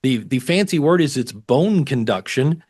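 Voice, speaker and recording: Male guest expert, casual and animated, mimics others in quotes. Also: medium pitch, moderate pace. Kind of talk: casual interview advice.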